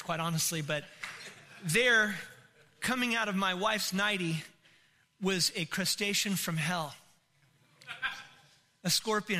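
A middle-aged man, a pastor, telling a comic story in a sermon, animated and bursting into shouts. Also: high voice.

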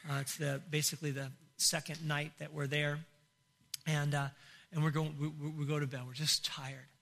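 A middle-aged man, a pastor, telling a comic story in a sermon, animated and bursting into shouts. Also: fairly high pitch, normal speed, vocal fry.

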